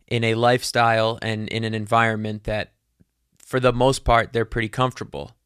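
A man's voice: lowish voice, a bit bright, clean tone, no room sound, studio quality. A young adult man hosting a podcast, musing in a casual solo monologue that rambles with many fillers and casual swearing. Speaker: podcast host.

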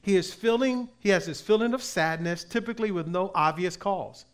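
Emphatic preaching man, slightly high voice. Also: clear, resonant tone. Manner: emphatic preaching, swinging between loud and soft; reads scripture aloud slowly. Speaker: pastor. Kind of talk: sermon.

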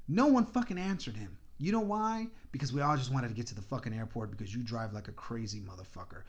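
A man's voice: medium pitch, expressive, quick pace, few pauses. Guy ranting a travel story, swears every other word, voice jumps all over the place. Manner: profane, exasperated ranting. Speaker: podcast host. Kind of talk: casual storytelling.

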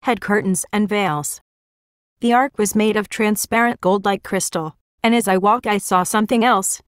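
A woman's voice: medium pitch, normal speed, no echo, clean studio sound. A woman giving a first-person religious vision testimony in an earnest, plain storytelling manner.

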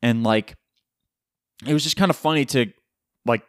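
A man hosting a solo podcast, telling a story in a rambling, profane and animated way. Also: medium pitch, moderate pace, no echo, clean studio sound. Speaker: podcast host.

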